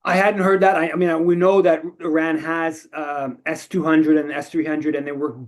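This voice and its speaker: A man's voice: fairly high pitch, little pitch movement, normal speed. A man hosting a call-in show, telling stories in a rambling way with many restarts. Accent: Canadian English. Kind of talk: casual storytelling and commentary.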